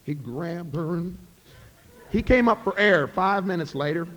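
A middle-aged man with a Southern Appalachian accent, telling a folk tale to a live audience in a folksy, relaxed way. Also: high-pitched, unhurried. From Scott County, Virginia. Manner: folksy, relaxed, addresses listeners as friends. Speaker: storyteller and musician.

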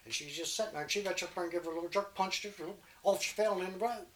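A high-pitched man spins an old folk tale in a loose, rambling country manner. He keeps dropping in "you know" as he goes, unhurried and homespun. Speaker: storyteller. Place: home recording session.

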